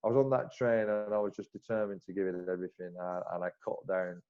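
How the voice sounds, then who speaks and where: A man's voice: low-pitched, fast talker. Man telling cricket anecdotes. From Bolton, northern England. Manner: animated anecdotes, frequent restarts, acts out dialogue. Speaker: former cricketer, guest. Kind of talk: casual interview storytelling. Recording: slightly muffled recording.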